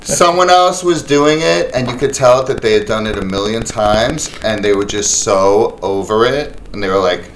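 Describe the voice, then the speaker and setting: A man's voice: fairly low pitch, moderate pace, hardly any pauses, slight background noise, rough recording. A man co-hosting a casual podcast, easygoing and chatty. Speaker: podcast co-host.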